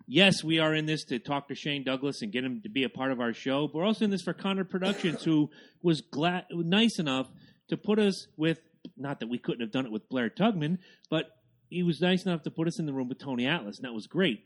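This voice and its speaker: A man co-hosting a podcast, talking loudly and excitably and swearing freely. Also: fairly high pitch, a little fast. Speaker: podcast co-host. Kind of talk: casual chat.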